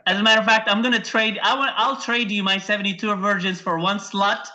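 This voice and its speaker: A man from Iraq doing a stand-up set over a video call, telling deadpan one-liners and acting out his wife and his dog. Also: sits high, quick pace. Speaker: stand-up comedian. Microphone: video call microphone. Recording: dull lo-fi video call audio.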